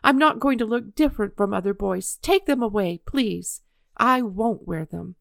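A woman voicing an earnest, emotional young boy with a high, tearful, pleading voice. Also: a little slow, no room sound, studio quality. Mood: defiant.

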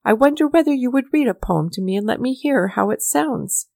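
A kindly old poet, chatty and eager to please his young guest, as a woman narrator puts him on. His lines run a little higher and livelier than the surrounding narration, heard in a dry, close storybook recording. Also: lively intonation, brisk, vocal fry, darkish tone, dry recording. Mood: genial. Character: genial elderly male poet, warm host.

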